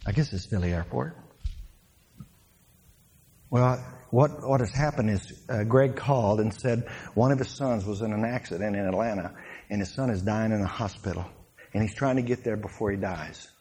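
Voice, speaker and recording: A man, a former pro football player, telling stories from his playing days as a sermon to a congregation, laughing and shouting his punchlines. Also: lowish voice, normal speed, breathy edge.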